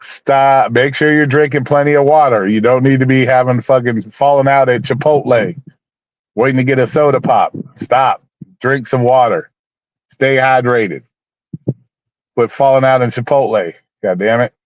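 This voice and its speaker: A medium-pitched man talks at a moderate pace, with no room sound. Hosting a casual livestream, he meanders, circles back to the same points and names his viewers, blunt, swearing occasionally and mock-preachy, all captured in dull, dry lo-fi quality.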